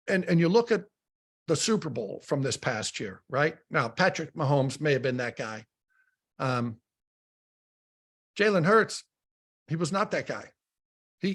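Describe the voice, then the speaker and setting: Gravelly middle-aged man telling stories. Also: on the high side, a little fast. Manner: storytelling, animated, repeats words when starting. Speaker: radio analyst. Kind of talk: casual sports talk.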